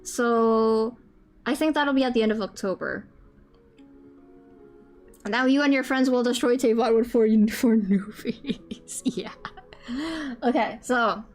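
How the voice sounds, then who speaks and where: A woman live-streaming a game, chatting casually, with loud swearing outbursts and quiet muttered sums. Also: on the high side, measured pace, long pauses, faint music behind. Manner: excitable, loud outbursts and swearing, then muttering math to herself.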